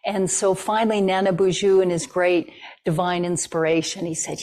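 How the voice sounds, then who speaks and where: Woman storytelling at a talk, lowish voice, chatty with lots of ums. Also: fairly even intonation, normal speed, slight background noise. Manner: warm, conversational storytelling with fillers. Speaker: guest speaker.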